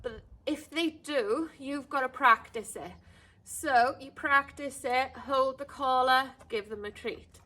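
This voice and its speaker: Woman, dog trainer; high voice, slow and patient delivery, sing-song calls to the dog. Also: bright, forceful tone. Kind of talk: outdoor dog training lesson.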